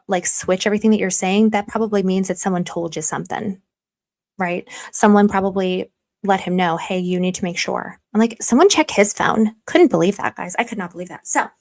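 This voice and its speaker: A woman's voice: mid-range voice, a little mellow. A young woman hosting a casual live stream, chatting freely, reading comments and teasing her viewers with mock stern warnings. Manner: chatty and self-deprecating, reads chat aloud, slips into mock stern warnings. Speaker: livestream commentary host.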